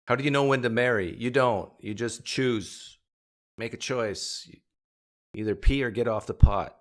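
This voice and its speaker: A man hosting a livestream, chatting casually with viewers and cracking rambling jokes. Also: medium pitch. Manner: joking, rambling, quick asides. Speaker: livestream host.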